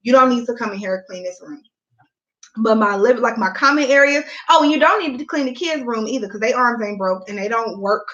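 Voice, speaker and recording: A woman's voice: on the high side, expressive, a little fast, fairly bright tone, muffled recording. A young woman chatting candidly to her viewers at home, a mom vlogging in casual Southern-style speech. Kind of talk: casual chat.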